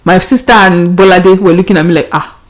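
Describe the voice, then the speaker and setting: A woman's voice: fairly low pitch, steady tone, brisk. A young Nigerian woman hosting a podcast, telling a story casually and animatedly, laughing often and mixing in pidgin. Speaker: podcast host.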